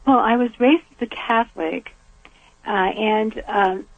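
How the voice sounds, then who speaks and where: An older woman from the American South speaks earnestly and reflectively, now and then with a soft laugh. Her voice is gravelly and a little husky. The sound is dry and tinny, as if it comes over a phone line. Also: on the high side, a little slow, dry recording. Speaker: guest. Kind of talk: reflective conversational interview.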